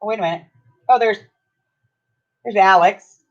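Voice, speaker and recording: A woman's voice: mid-range voice, normal speed. An older woman hosting a craft livestream, chatting in a rambling, self-mocking way while she works. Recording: dull lo-fi stream audio.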